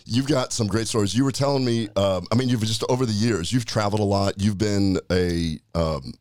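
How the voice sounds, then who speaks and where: A man's voice: on the low side, brisk, darkish tone. A middle-aged man hosting a casual interview, easygoing, leading the talk with questions. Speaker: podcast host.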